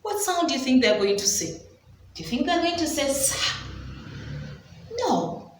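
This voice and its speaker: During a phonics lesson, a woman with a Ugandan English accent, who teaches preschool, narrates a story for children with slow, stretched-out sounds. Her high, sing-song voice is picked up by a distant mic in an echoey room.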